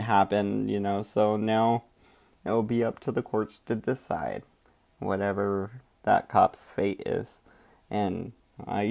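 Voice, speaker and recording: A man's voice: on the low side, vocal fry, a little mellow. A man hosting a show who comments in a laid-back, rambling way and hedges often. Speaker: show host. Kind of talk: casual commentary.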